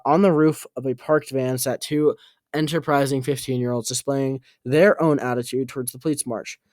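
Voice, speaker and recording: A man reading an audiobook aloud, halting and correcting his own slips. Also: mid-range voice, a little mellow, no room sound, studio quality. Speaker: audiobook reader.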